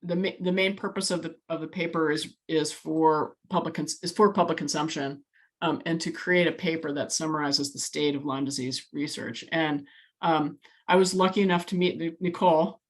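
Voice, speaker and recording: A woman's voice: low-pitched, steady tone, moderate pace. A woman as an interview guest, speaking hesitantly with many fillers and restarts. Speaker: interview guest, advocacy leader. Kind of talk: interview podcast conversation.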